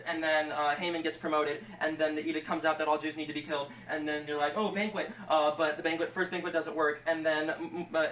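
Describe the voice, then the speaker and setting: A man rushing through a comic retelling of an old story, rambling and correcting himself, with many fillers. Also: a little high, a bit bright, recorded from a distance, a little hiss or hum. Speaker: channel host. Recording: roomy, from off-mic.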